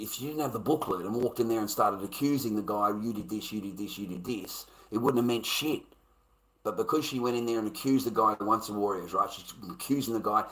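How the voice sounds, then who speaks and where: A swearing Australian man holds forth on a live stream, blunt and emphatic. His voice sits a little low but comes across forceful and bright. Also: low-quality recording. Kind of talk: casual live-stream rant.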